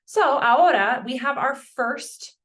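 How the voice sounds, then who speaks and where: A young woman teaching a casual beginner language lesson in a chatty, self-deprecating, animated way. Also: sits high, slow. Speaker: Spanish teacher.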